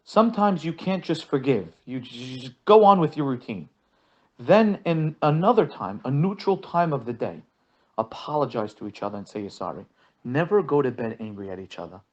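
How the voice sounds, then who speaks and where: Rabbi teaching with dull, muffled sound. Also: male voice, medium pitch, big pitch swings, normal speed. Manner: repeats words when starting sentences, acts out quotes. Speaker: rabbi teaching a marriage course. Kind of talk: lesson with storytelling examples.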